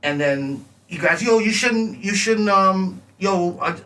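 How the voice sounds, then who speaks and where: His voice sits high and bright, but this time the pace is slow. The music producer guest is still animated and laughing as he tells stories in a casual chat, imitating scratches and vocal lines, with a distant mic catching faint ambient noise.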